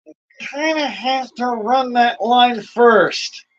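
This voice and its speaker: A man's voice: very high voice, slow, dull audio. A man hosting a livestream, ranting casually to his chat in a crude, rambling way and chuckling often. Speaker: livestream host.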